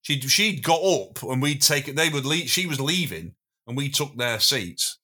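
Rambling, bright-voiced male storyteller. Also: medium pitch, animated, moderate pace. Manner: rambling storyteller, self-interrupting, chuckling. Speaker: podcast guest, former drummer. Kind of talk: casual anecdotal chat.

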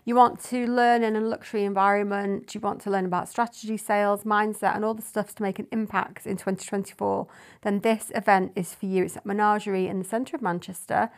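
A woman co-hosting a podcast, talking in a brisk, upbeat way. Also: medium pitch, flat delivery. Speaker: podcast co-host. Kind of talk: casual chat and event promotion.

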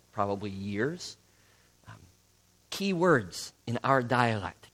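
A man, a pastor giving a conversational teaching sermon and asking his congregation questions. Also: on the high side.

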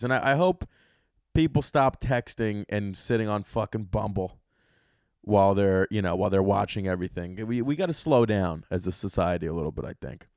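A man's voice: fairly low pitch, dry recording, studio quality. Profane young man ranting on a podcast. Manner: profane, animated, swings from loud outbursts to muttering. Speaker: podcast host. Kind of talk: solo podcast rant.

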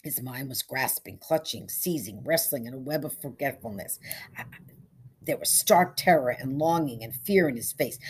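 A woman narrating a short story in a measured, steady storytelling manner. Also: very deep voice, a little hiss or hum.

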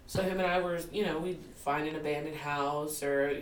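With a low voice at a moderate pace and a little hiss or hum on the recording, a woman in her forties shares her life story candidly as an interview guest. She tells it with animation, laughing often and performing quotes, picked up by a distant mic in a roomy room with faint ambience.

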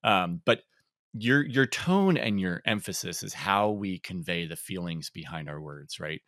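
A man co-hosting a podcast in casual chat, relaxed and reflective, with frequent ums and laughs. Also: low-pitched, unhurried, no echo, clean studio sound. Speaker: podcast co-host.

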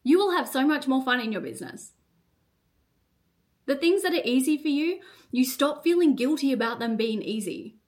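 A young woman hosts a solo coaching podcast with a fiery, unfiltered delivery. Her voice sits a little high. She swears freely and strings her sentences together with "like". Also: lively intonation. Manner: fiery, swears often, fast fillers with "like". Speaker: podcast host and business coach. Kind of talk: solo motivational podcast monologue.

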